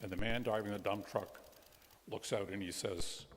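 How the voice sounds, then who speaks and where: A male guest minister telling a children's story during a church service, gentle and playful, with pauses. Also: lowish voice, steady tone, a little hiss or hum. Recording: long reverb of a large hall.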